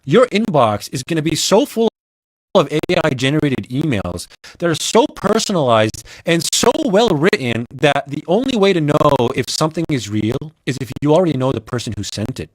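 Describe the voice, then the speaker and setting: A man delivers a punchy, wry monologue with a lively, swooping pitch. His voice sits a little high for a man. The sound is dry and close, with no room around it. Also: no echo, poor audio. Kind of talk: emphatic monologue.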